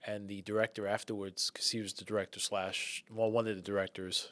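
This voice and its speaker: A man's voice: fairly low pitch, little pitch movement, fairly quick, a bit bright, no room sound. A man who works as an actor, talking earnestly and at length as a guest on a casual podcast. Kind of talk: casual chat.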